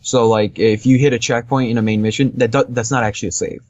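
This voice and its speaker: A man's voice: medium pitch, steady tone, fast talker, a little mellow, no room sound, muffled recording. A man co-hosting a podcast, casually rambling through a game review with lots of fillers and easy laughs. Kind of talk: casual chat.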